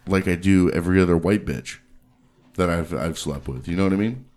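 A man's voice: sits low, brisk. A male podcast host telling profane stories in casual chat, laughing as he goes. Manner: profane, animated, laughs between lines. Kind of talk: casual crude storytelling.

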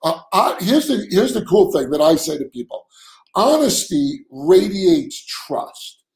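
A man with a rather high voice and a gravelly, creaky edge chats earnestly on a podcast. He often repeats his first words before getting a thought out. The sound is roomy and echoey. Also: big pitch swings, a little slow. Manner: earnest, repeats words when starting sentences. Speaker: co-host. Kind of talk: casual podcast chat.

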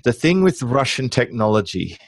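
A middle-aged man being interviewed as a guest, telling business anecdotes in a lively conversational way with frequent restarts. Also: medium pitch, moderate pace, no room sound. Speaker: guest, online marketing business owner.

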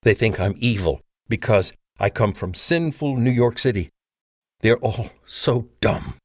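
A man reading as a sulky, defiant teenage boy, dragging his words slowly, a touch higher than the narrator, dry close sound. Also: lively intonation, darkish tone, no echo.

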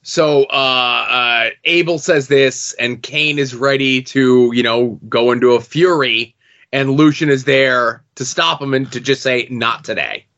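A man's voice: medium pitch, a little slow, a bit bright. A man co-hosting a podcast, chatting casually about a comic book in a loose, joking way. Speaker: podcast co-host. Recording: dull lo-fi podcast audio.

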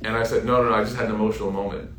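A man's voice: lowish voice, flat delivery, very fast, a bit bright, a little hiss or hum. A man in his thirties giving a heartfelt sermon as an Islamic preacher, telling stories and building to emphatic peaks. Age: 30s. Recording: roomy echo.

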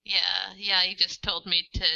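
A woman's voice: mid-range voice, level tone, measured pace, vocal fry, bright, forceful tone, no room sound. A woman guest on a casual podcast, giving short amused replies and dry jokes. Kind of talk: casual chat. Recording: dull lo-fi sound.

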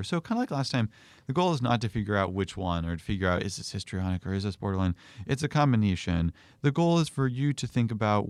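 A man's voice: lowish voice, a little mellow, no room sound. A man hosting an educational presentation in an upbeat, conversational way. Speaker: host.

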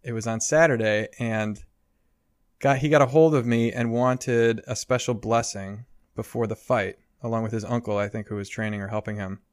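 A man's voice: on the low side, normal speed, no room sound, clean studio sound. A man co-hosting a podcast as a priest, chatting casually and telling stories with frequent laughs. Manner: chatty, laughs often, animated storytelling. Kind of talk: casual chat.

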